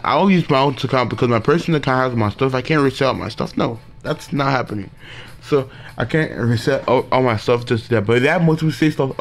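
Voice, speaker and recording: A man chatting through his gameplay in a loose, wandering way, piling up fillers and restarting his sentences. He yawns now and then. Soft game music plays underneath. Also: mid-range voice. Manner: rambling, many fillers and restarts, yawning. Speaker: gaming video creator. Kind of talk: casual gameplay commentary.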